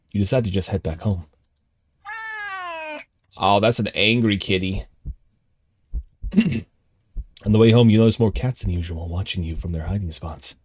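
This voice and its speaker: A male streamer reading a text game aloud and reacting live, jumping between calm narration and excited outbursts. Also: low-pitched, a little hiss or hum.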